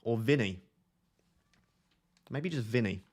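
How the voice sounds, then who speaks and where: A man's voice: mid-range voice, animated, takes it slowly. A man hosting a casual fantasy football live stream, reading viewer comments aloud and joking and laughing with them.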